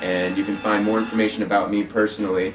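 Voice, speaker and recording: Man vocal coach, lowish voice, roomy sound from off-mic, faint guitar behind. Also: fast, distant mic. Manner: relaxed, conversational explaining. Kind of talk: instructional video.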